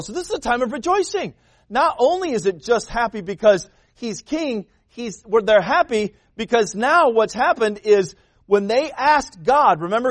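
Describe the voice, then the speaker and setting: A man, a pastor, preaching a sermon in a conversational, animated way, retelling the story and acting out the people in it. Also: high voice, moderate pace, dry recording.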